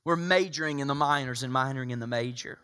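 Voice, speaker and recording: Fiery preacher, bright voice. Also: male voice, medium pitch, fast, clear, resonant tone. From Tennessee, USA. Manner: swings from loud, emphatic preaching to hushed, intimate asides. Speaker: pastor. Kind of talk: sermon.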